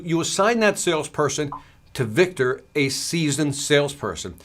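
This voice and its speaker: A man hosting a livestreamed sales lesson from his studio, asking the audience quick rhetorical questions as he goes. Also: a little high, fairly bright tone. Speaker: sales trainer and livestream host. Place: home studio.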